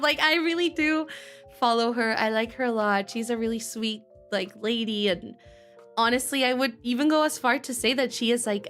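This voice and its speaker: A woman's voice: a little high, fairly bright tone. A woman streamer chatting casually to her viewers, rambling, laughing often and greeting chat by name. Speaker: streamer and voice actor.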